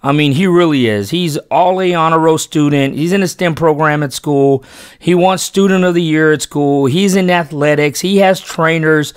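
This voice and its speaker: A man's voice: a little high, moderate pace, clear, resonant tone, no room sound, clean studio sound. A man who hosts a fishing channel tells, in casual and rambling style, how a day of fishing with his son went, often restarting and correcting himself. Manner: earnest, emphatic when praising his son. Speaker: fishing channel host and father. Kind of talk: casual storytelling vlog narration.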